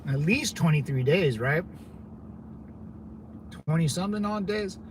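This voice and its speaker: A Marine veteran in his thirties hosts his own channel, rambling through a casual livestream with plenty of swearing and filler words as he drifts between topics. His voice is on the high side with lively intonation and a measured pace, over a noisy background.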